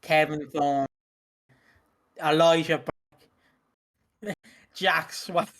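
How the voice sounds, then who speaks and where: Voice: medium pitch, fairly even intonation, drawn-out words, a bit bright. Rambling podcast co-host who laughs a lot. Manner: rambling, laughing, with repeated restarts. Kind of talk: casual wrestling review chat.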